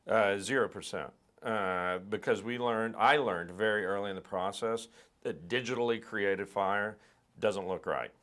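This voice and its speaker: A middle-aged film director in a relaxed interview, thoughtful and explaining at length, often restarting and repeating words. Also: male voice, lowish voice, unhurried.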